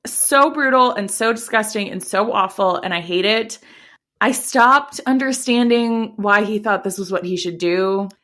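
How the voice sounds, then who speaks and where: A woman's voice: mid-range voice, a little slow, fairly bright tone. A woman co-hosting a podcast, chatting casually about a film and quoting characters. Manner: chatty, swears, plays out characters' lines. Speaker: podcast co-host. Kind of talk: casual chat recapping a film.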